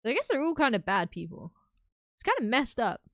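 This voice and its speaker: A woman's voice: a little high, huge pitch swings, a little fast, a bit bright, no echo. A young woman streaming live, chatting casually with her viewers, giggling often and filling her talk with "like" and "um". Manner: chatty, giggly, lots of fillers.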